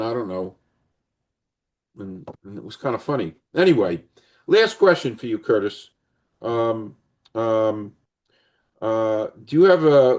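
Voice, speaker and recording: An older man hosts a conversation and slips into a long, earnest personal story, circling back and repeating himself as he goes. His voice sits a little low. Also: a little mellow. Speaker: podcast host.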